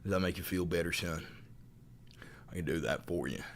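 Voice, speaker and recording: A deep, hushed voice, dripping with mock comfort, as a man puts it on to mock someone. Patronizing and soft, it talks down as if soothing a child. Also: normal speed, a little hiss or hum.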